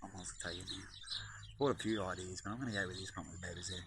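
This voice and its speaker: A man's voice: very fast, slight background noise. Rambling man outdoors amid birdsong. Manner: chatty, swings between low mutters and high excited baby talk to birds. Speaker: vlogger. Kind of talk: casual rambling chat. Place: outdoors at a bird-feeding spot. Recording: outdoor audio with birdsong behind. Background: birds chirping.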